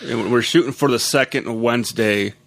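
Mid-pitched male co-host, supportive backchannel in casual chat. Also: moderate pace, creaky, fairly bright tone. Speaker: podcast co-host.

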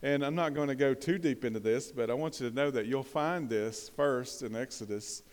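A man's voice: mid-range voice, normal speed. Preacher man in a reverberant hall. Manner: conversational, asks the congregation questions, bursts of emphasis. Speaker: pastor. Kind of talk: sermon.

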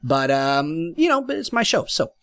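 A young man hosts a solo podcast and gives casual advice in an easygoing, informal way. He comes back to the same points again and again. His voice sits somewhat high and sounds dry and close, with no room echo. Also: sing-song, moderate pace, a bit bright. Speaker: podcast host.

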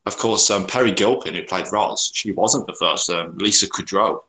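A man co-hosting a podcast in casual chat, agreeable and quick to chime in. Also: low-pitched, bright, forceful tone, poor audio. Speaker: podcast co-host. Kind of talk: casual chat about a sitcom.

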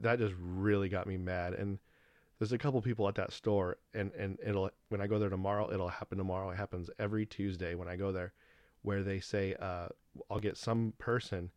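A man hosting a podcast alone, telling a rambling story in a casual, animated way and acting out the dialogue. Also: fairly low pitch, dry recording. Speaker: podcast host.

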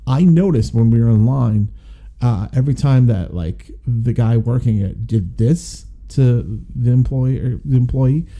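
A man's voice: mid-range voice, a little slow, warm tone, muffled recording. A man co-hosting a podcast, talking through a movie review in a rambling, conversational way. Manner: rambling, conversational, many restarts. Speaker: podcast co-host. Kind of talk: casual movie review chat.

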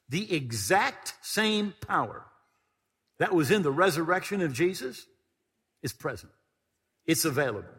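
A man's voice: a little high, a bit bright, husky, big-room sound. An older man preaching a sermon as pastor, emphatic and repeating his key phrases.

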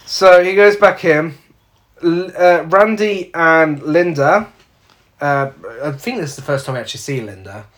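A man's voice: fairly high pitch, measured pace. A man, casually recapping a film's plot with sweary, sardonic asides. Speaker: podcast co-host. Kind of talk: casual film review chat.

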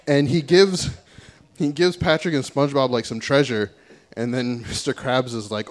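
A man's voice: medium pitch, steady tone, moderate pace. A man speaking as a guest in a casual comedy interview, laid-back as he tells a story.

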